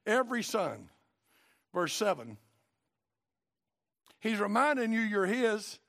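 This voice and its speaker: A middle-aged male pastor delivers a sermon in a high, gravelly voice. He reads scripture in old-fashioned wording and acts out the voices in his stories as he preaches. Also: sing-song, slow, fairly bright tone.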